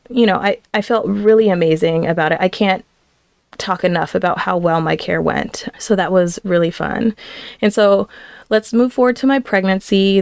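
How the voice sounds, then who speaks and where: Chatty woman podcaster, gravelly and smooth. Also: mid-range voice, dry recording, clean studio sound. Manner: chatty, animated retelling with quoted voices and laughs. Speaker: podcast host. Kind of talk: personal storytelling monologue.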